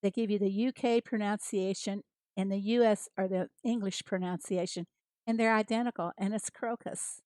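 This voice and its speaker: A woman's voice: mid-range voice, steady tone, moderate pace, a little mellow, no echo. An American woman chatting casually with viewers as she streams a farming game, greeting them by name and laughing often. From United States. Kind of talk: casual livestream chat.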